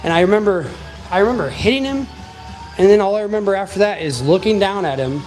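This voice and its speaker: A man in his twenties telling a personal story in a casual, animated, emphatic way, swearing freely. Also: high voice, fast talker, soft background music.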